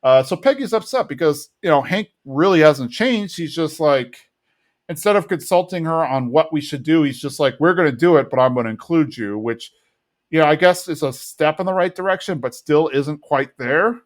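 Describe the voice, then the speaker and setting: A podcast co-host with a fairly high, expressive voice recaps an episode at normal speed. Retelling the scenes casually, he briefly mimics the characters from time to time.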